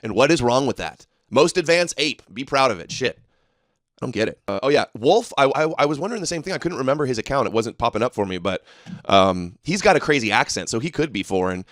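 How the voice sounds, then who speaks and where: A livestream host rants as he reads through posts and answers viewers, combative, sarcastic and mocking. His mid-range voice is very animated, brisk and fairly bright. The studio sound is clean, with no echo.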